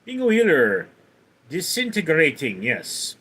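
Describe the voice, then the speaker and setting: A man hosts a casual livestream, reading viewers' questions from the chat aloud and answering them. He talks slowly, and his fairly high voice swings widely in pitch. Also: huge pitch swings, sharp tone, slightly rough. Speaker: livestream host.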